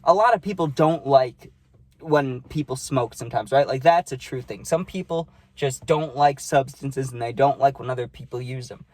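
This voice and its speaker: A man's voice: mid-range voice, moderate pace, darkish tone. A young man telling a casual storytime, rambling and often tagging "right?" onto his sentences. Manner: rambling, keeps adding "right?". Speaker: vlogger.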